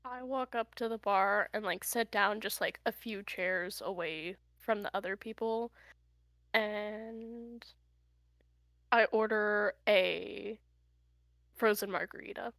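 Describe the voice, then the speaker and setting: A woman's voice: mid-range voice, fairly even intonation, takes it slowly, gravelly, fairly bright tone, dry recording. A woman playing a tabletop game, talking casually and a little hesitantly. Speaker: player.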